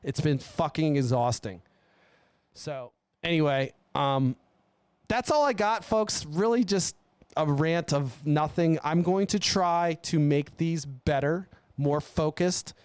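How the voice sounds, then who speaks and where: Male podcast host, solo profane rant, smooth clear voice, dry close sound. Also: a little high, lively intonation, slow, a little mellow, no room sound. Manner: swearing, blunt, rambling. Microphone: studio mic.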